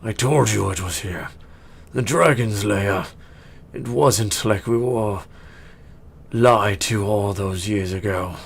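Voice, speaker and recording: A man voicing a gruff male orc in a tabletop game, yelling in high bursts and then turning smug and crude. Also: slow pace, exaggerated voice. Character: gruff male orc companion, cranky and boastful.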